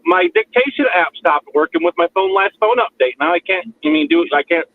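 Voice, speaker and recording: A man's voice: high-pitched, sing-song, fairly quick. A man chatting as a guest on a livestream, rambling and self-deprecating, with frequent restarts. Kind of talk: casual chat on a livestream. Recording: muffled call audio with faint noise.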